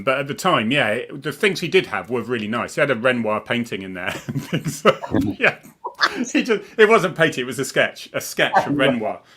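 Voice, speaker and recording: A middle-aged former police officer from Cornwall, England, co-hosts a casual video-call chat in a husky, sharp-toned, medium-pitched voice. He rambles and chuckles as he corrects himself.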